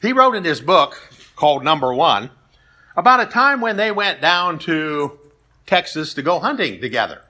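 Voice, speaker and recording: A man's voice: on the high side, sing-song, normal speed, bright, forceful tone. A man preaching a sermon, retelling stories and scripture in a plain, conversational way. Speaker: pastor.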